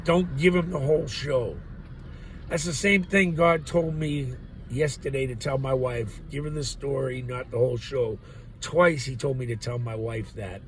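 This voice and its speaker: A man's voice: mid-range voice, moderate pace, slight background noise, rough recording. A man rambling through a profane, laugh-filled monologue as a vlogger. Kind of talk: ranting monologue.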